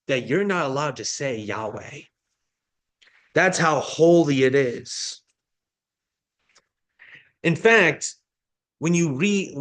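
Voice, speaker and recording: Slow-paced male pastor teaching. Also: medium pitch, fairly bright tone. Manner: slow, explanatory teaching with repeated restarts. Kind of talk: sermon.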